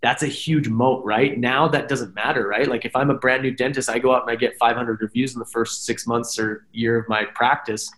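Male podcast guest, mid pitch, roomy sound, animated explainer. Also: a little fast, hardly any pauses. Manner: animated, talks in long explanations with many "right?" asides. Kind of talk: casual podcast chat. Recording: roomy echo.

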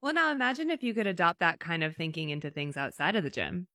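Low-voiced candid woman podcast host. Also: sing-song, quick pace, bright, forceful tone, dry recording, clean studio sound. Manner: candid, chatty, with casual swearing. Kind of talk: casual interview conversation.

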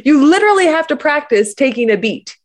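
A woman guest in a conversation, telling stories and explaining ideas with animated enthusiasm. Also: high voice, brisk. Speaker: guest, parenting coach. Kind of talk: conversational interview.

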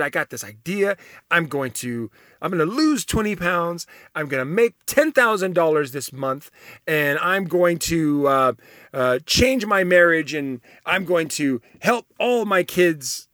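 Lively, bright-voiced man riffing casually. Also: a little high, no echo, studio quality. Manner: enthusiastic, rambling, laughs often. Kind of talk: casual monologue, reading and reacting to test results.

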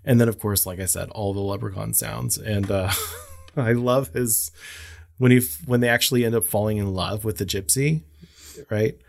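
A man co-hosting a podcast in casual chat, laughing often and acting out quotes in goofy high voices. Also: steady tone, moderate pace, gravelly. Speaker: podcast co-host.

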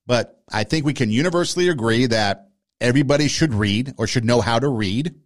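A man's voice: medium pitch, a little fast. A man hosting a podcast, giving argumentative opinion commentary and speaking straight to his listeners. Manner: argumentative, addresses listeners directly. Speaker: podcast host.

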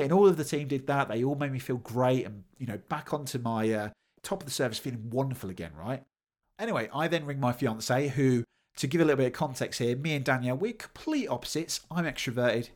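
A man hosts his podcast and tells a personal story in a casual monologue. His pitch moves widely as he talks. He acts out the voices of the people he quotes. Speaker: podcast host.

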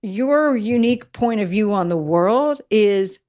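A woman guest in an interview, talking in an animated way, often restarting her sentences and using fillers like "like" and "you know". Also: mid-range voice, measured pace. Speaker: guest, messaging consultant. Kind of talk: conversational interview.

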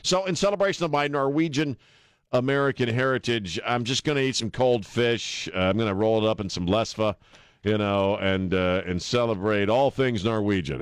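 A man's voice: mid-range voice, clear, resonant tone, no echo, clean studio sound. A man hosting a talk radio show, blunt and joking, mixing banter with callers and the news. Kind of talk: talk radio monologue and call-in.

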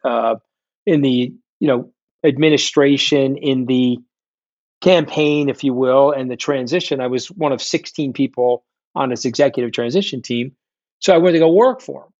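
A man's voice: mid-range voice, normal speed, darkish tone, no room sound, dull audio. A middle-aged man, a guest in a candid interview, telling his story in a blunt, profane, combative way. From New York. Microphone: remote call.

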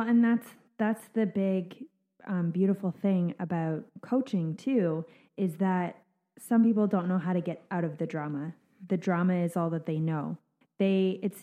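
Female coach and co-host, lowish voice, lively casual chat, phone-thin sound. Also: narrow, tinny audio. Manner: lively, laughs along, calls listeners out.

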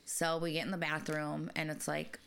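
Bright-voiced woman telling a crude story. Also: low-pitched, normal speed, gravelly, clear, resonant tone. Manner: profane, animated, laughs through the story. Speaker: podcast co-host. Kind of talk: casual storytelling chat.

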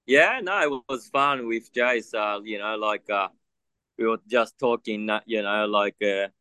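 A middle-aged Japanese man with an Australian accent, a motocross test rider, chats loosely in a casual interview, filling gaps with lots of "you know." His lowish voice is bright, forceful and smooth, a little slow, with no room sound.

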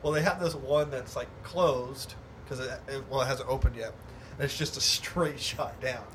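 A man's voice: medium pitch, moderate pace, background noise. A man in casual chat, retelling funny scenes and laughing often. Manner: animated storyteller, laughs often.

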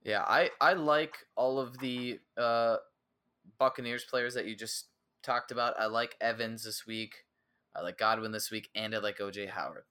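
Man co-host, bright forceful voice, jokey, dry one-liners, casual sports chat. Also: medium pitch, fairly even intonation, moderate pace, clear, resonant tone. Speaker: fantasy football podcast co-host.

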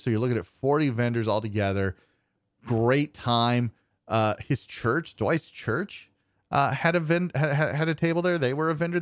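A man's voice: medium pitch, dry recording. Guy on a podcast rambling through a story, quoting everybody, dry close sound. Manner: rambling, self-deprecating, quotes people in dialogue. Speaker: podcast co-host. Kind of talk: casual storytelling chat.

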